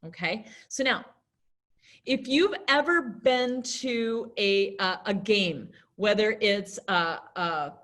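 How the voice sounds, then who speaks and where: A woman's voice: medium pitch, takes it slowly. Chatty American woman teaching. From United States. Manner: lively, chatty, acts out little scenes. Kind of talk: classroom lesson talk.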